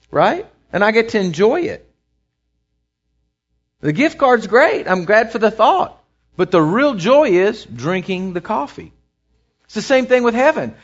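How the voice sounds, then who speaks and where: A high-voiced man preaches a sermon as a pastor, his intensity rising and falling as he repeats phrases. The recording is lo-fi.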